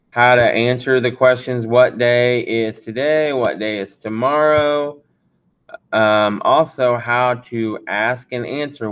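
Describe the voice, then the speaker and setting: A male teacher walks learners through a beginner language lesson at an unhurried pace. His pitch sits mid-range, and he often repeats or restarts a phrase to make a point clear. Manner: slow, deliberate counting. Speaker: Spanish teacher. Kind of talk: classroom lesson.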